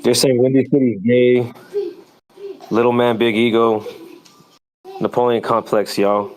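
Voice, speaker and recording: A man's voice: medium pitch, flat delivery, unhurried, darkish tone, poor audio. Offhand man reading chat comments. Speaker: podcast co-host reading comments. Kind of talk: casual podcast chat.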